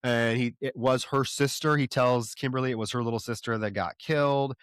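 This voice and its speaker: A man's voice: mid-range voice, fairly even intonation, a little fast, clean tone, no echo. A man co-hosting a horror movie podcast, rambling through a plot recap and tossing off the characters' lines. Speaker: podcast co-host.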